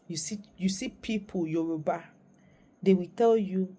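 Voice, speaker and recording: Emphatic Nigerian woman with a mellow voice. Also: mid-range voice, measured pace, slight background noise. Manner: emphatic and preachy, repeating phrases for stress. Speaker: vlogger and parent. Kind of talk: impassioned commentary to camera.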